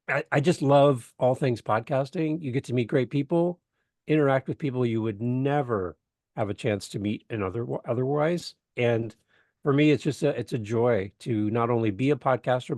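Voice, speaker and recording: A man's voice: mid-range voice, no echo, studio quality. A man from Canada, a guest on a podcast, chatting casually and telling stories with jokes. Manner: joking, animated storyteller. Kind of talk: casual interview chat.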